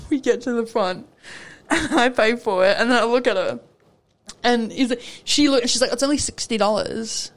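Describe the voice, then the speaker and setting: A woman's voice: a little high, expressive, a little slow. A young Australian woman co-hosting a show, telling a story in casual chat, acting out the dialogue and laughing often. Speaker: radio show co-host.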